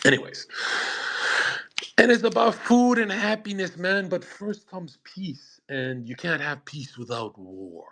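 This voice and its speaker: A man hosting a live stream, talking casually in a brash, profane, animated rant. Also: medium pitch, a little slow. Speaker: streamer host.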